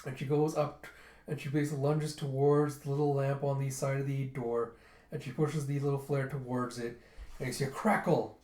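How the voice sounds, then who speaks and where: A man recaps a comic chapter in an easy, casual way. He keeps breaking into little voices for each character, so the retelling sounds animated. His voice sits at an average pitch and carries the echo of a roomy space. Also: moderate pace. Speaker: manga reviewer reading aloud. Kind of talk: casual manga readthrough.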